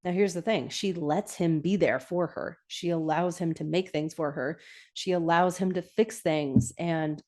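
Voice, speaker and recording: A woman with a somewhat low voice recaps a show in a loose, chatty way. She corrects herself mid-sentence and laughs often. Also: unhurried, a little mellow. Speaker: podcast host. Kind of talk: casual episode recap.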